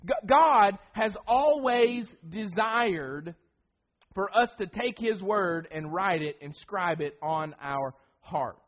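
A man's voice: sits high, lively intonation, slow pace, dull audio. A man preaching a sermon, emphatic, often repeating words and restarting phrases.

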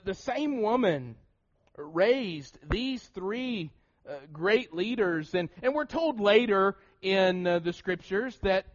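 A man's voice: sits high, highs cut off. A man in his thirties with an Appalachian American accent, preaching a sermon with lots of rhetorical questions and restarts into a pulpit mic in a church. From Southern United States. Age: 30s. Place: church sanctuary. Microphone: shared pulpit mouthpiece mic.

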